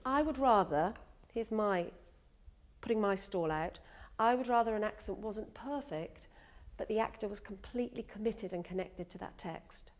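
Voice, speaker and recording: Coach leading a workshop. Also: female voice, medium pitch, moderate pace. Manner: chatty, self-deprecating, demonstrates sounds. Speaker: accent coach. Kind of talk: workshop teaching.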